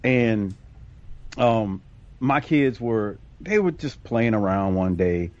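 Man, mid-pitch, casual podcast guest, repeats and restarts, dull lo-fi line. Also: lively intonation, no room sound. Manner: halting, repeats words, restarts often. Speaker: youth sports coach.

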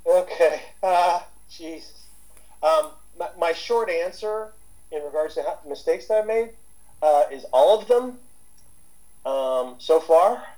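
Rambling man with a dark, mellow voice. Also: a little high, expressive, slow, poor audio. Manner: rambling, with many fillers and restarts. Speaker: guest therapist. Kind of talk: casual interview talk.

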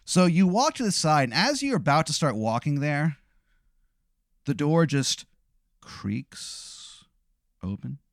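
A man narrates a rambling, profane hypothetical in the second person, piling on vivid detail. His voice swoops with lively pitch. The recording is dry and close. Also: normal speed, no room sound. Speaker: host telling a hypothetical. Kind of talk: improvised second-person storytelling.

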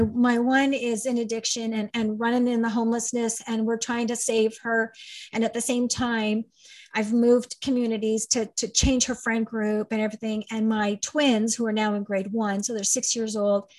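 A woman's voice: on the high side, a little mellow, no room sound. Woman, middle-aged, interview guest, emphatic storyteller, dry recording. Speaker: guest, parent advocate and trainer. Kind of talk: conversational interview.

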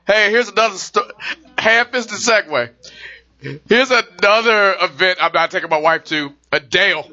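A man co-hosting a casual comedic chat, telling stories with jokes and playful asides. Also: high voice. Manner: animated, joking storyteller, playful voices. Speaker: podcast co-host. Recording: dull lo-fi sound.

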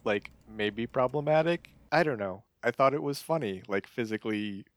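A man's voice: medium pitch, lively intonation, normal speed. A man chatting casually about a film, hesitant and often restarting his sentences. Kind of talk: casual chat.

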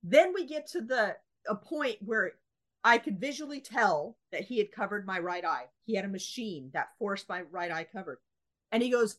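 A female podcast co-host with a medium-pitched voice and moderate pace tells a story during casual chat. Animated throughout, she plays out both roles in the exchange.

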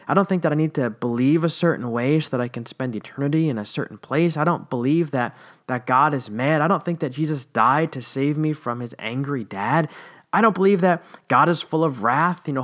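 A man's voice: medium pitch, a bit bright. Blunt, candid man in his thirties. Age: 30s. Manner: blunt and candid, with wry laughs. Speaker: former church teacher. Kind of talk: personal monologue.

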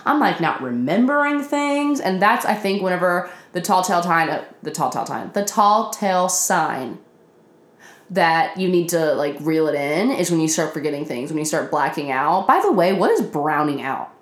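A tired woman in her twenties talks off the cuff in a slightly low voice, swearing freely and laughing at her own troubles. Her words ring off the walls of an echoey room at home. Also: sing-song, normal speed. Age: 20s. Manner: profane, self-deprecating, laughs often. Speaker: vlogger. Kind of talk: casual confessional rant. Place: apartment.

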